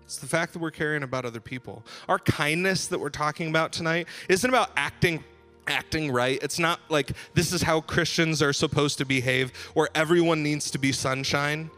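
A man preaching to a gathered group with a fairly high voice. His delivery is loose and conversational, full of restarts and "like"s. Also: normal speed, pushed and bright, soft background music. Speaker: pastor. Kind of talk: sermon.

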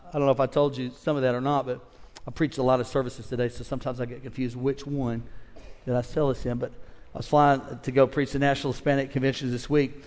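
A man in his fifties preaching a sermon, swinging between loud calls to the congregation and quiet storytelling. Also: medium pitch, fast. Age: 50s. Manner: animated preacher, shifts from shouting to quiet storytelling. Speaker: pastor. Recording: long reverb of a large hall.

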